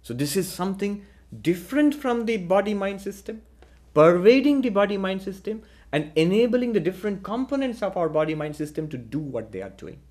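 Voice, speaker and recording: A man teaching a philosophical lecture in a measured way, posing rhetorical questions to his listeners. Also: high voice, very animated, a little mellow. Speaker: spiritual teacher.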